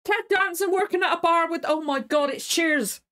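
A woman hosting a reaction video, chatting casually, excitable, swearing freely and getting emotional. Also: very high voice, fairly quick.

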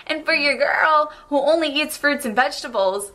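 American woman vlogger, bright, chatty, casual and upbeat. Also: high-pitched, moderate pace, few pauses, faint music behind. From United States. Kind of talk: casual vlog talk.

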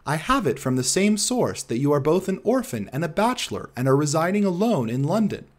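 A man's voice: on the high side, sing-song, fairly quick. A man voicing a secretive German colonel. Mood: insistent. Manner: insistent, secretive. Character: wary, secretive male colonel, about forty. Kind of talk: audiobook character reading.

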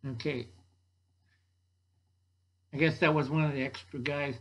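Old guy rambling thru his movie notes, kinda high voice, keeps losing his place. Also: steady tone, unhurried, rough recording. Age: older. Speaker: YouTube host.

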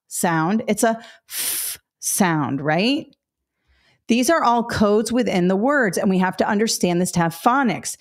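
A middle-aged woman teaching a test-prep webinar, explaining step by step, correcting herself and talking straight to viewers. Her throat is a little dry. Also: medium pitch. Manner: explanatory, self-correcting, addresses viewers directly. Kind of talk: webinar lesson.

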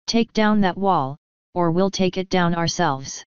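An earnest, steady stallion father, read by a woman in a low, very smooth voice. He speaks firmly and stands his ground. The recording is dry and slightly dull. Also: measured pace, dry recording, natural voice. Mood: defiant. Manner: firm, earnest, defiant.

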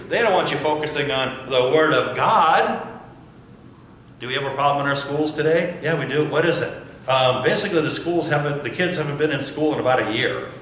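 A man's voice: fairly high pitch, a bit bright, slight background noise. A male pastor preaching a sermon emphatically, firing rhetorical questions and repeating phrases for effect. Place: church sanctuary. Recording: very echoey church.

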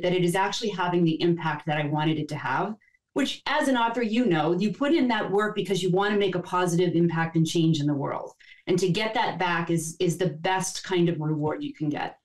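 Lower-voiced woman, an author on a podcast. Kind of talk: conversational interview.

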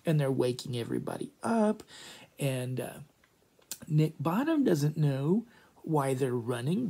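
A man retelling a play for a class in an animated, chatty way, full of asides. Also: fairly high pitch, measured pace, husky. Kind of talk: lively story retelling.

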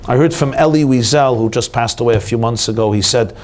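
A man, a rabbi, giving an inspirational talk at an event, telling stories and jokes with lively swings in his voice for emphasis. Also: brisk. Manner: animated storyteller, swings pitch for emphasis. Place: hotel event hall.

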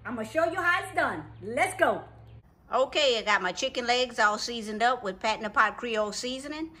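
A woman hosting a casual cooking demonstration in a home kitchen, folksy and exuberant, breaking into high whoops. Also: animated, normal speed, bright, forceful tone, rough recording. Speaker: cooking show host.

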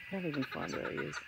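Out among the trees, a young woman who vlogs is feeding wild kookaburras, talking to them in a cooing pet voice and murmuring remarks to the camera she holds to one side. Her pitch leans high. The recording is very noisy, capturing her easygoing outdoor chatter aimed at both birds and viewers.

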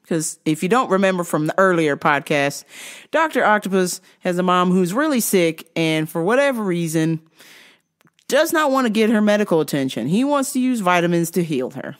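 A young woman hosting a podcast, telling crude, funny stories in a casual, animated way. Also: on the low side, moderate pace. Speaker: podcast host. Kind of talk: casual comedic storytelling.

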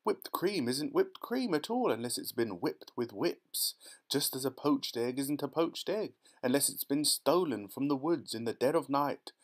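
A man voicing an eccentric, excitable male chocolate-maker who shouts gleefully and chants in rhyme. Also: mid-range voice, moderate pace, pitched above the performer's own voice, lightly acted. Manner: gleeful, shouting, sing-song rhyming.

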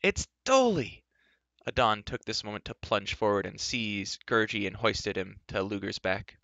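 A man reading a fantasy novel aloud, steady storytelling with the odd stumble over a word. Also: lowish voice, normal speed, gravelly, no room sound, highs cut off. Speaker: reader.

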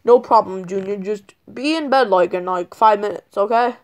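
A woman's voice: mid-range voice, normal speed, close to an everyday voice. A woman voicing a bossy, lazy male turtle-dragon villain king, drawling and easily annoyed in a homemade toy skit. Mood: grumpy.

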